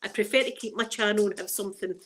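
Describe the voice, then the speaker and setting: A woman's voice: mid-range voice, fast talker, fairly bright tone. A middle-aged woman with a Scottish accent, hosting a livestream and rambling through funny stories, laughing often. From Scotland. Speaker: livestream host. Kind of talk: casual storytelling chat.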